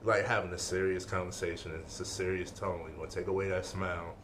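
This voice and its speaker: A man with a fairly low voice delivers a casual motivational lesson. He is emphatic, repeats key lines and keeps checking in with the listener. A faint background noise sits under the recording. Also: flat delivery, fast, fairly bright tone. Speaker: life-skills speaker.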